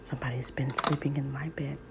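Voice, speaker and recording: A woman voicing a big father bear with a growly, low whisper, a whispered role-play over loud nail tapping clicks. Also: level tone, a little fast, creaky, heavy background noise. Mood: grumbling.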